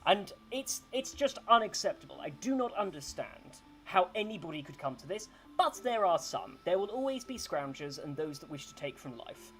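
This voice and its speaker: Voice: medium pitch, sing-song, normal speed, hardly any pauses, low-quality recording. A game master voicing a cold, pompous male town official who justifies himself in a tabletop game. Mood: haughty. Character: stiff self-righteous male town chamberlain.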